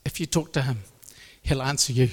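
A man's voice: medium pitch, brisk, husky. A man giving an earnest, emotional personal faith testimony, repeating phrases as he speaks. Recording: long reverb of a large hall.

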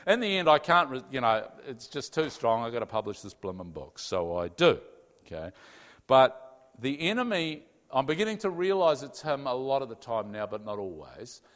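A man delivers an energetic, conversational sermon in a mid-range voice at normal speed. He's animated and checks in with the audience often, tagging sentences with "okay?", and a long hall reverb fills the recording.

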